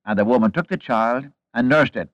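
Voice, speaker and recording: A man's voice: mid-range voice, brisk, dry recording, highs cut off. A man preaching a sermon, retelling a Bible story in an earnest, folksy way with rhetorical questions and asides to the congregation.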